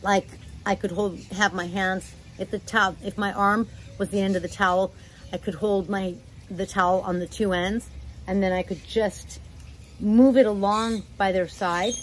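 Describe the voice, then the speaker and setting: A relaxed woman with a mid-range voice gives easygoing, chatty advice and speaks gently. She talks at home, and a faint noise sits behind her. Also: mid-range voice, moderate pace, poor audio. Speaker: parrot channel host. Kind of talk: casual instructional talk.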